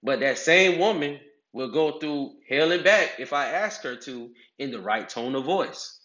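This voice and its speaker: Animated man talking in an echoey room. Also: on the high side, measured pace. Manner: animated, acts out voices with big swings. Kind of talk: casual advice talk. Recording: echoey, slightly dull sound.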